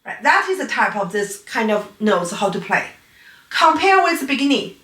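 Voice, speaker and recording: A woman's voice: fairly high pitch, sing-song, normal speed, recorded from a distance. A female piano teacher whose first language is Chinese, giving a patient, explanatory online lecture on playing technique. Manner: patient, explanatory, non-native phrasing. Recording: echoey room, voice a bit off-mic.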